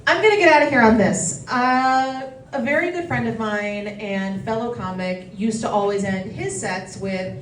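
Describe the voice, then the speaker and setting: A woman doing a stand-up comedy set at a bistro, with a quick, self-deprecating delivery and crude punchlines. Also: a little high, a little hiss or hum. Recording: echoey room from a distance, loud crowd.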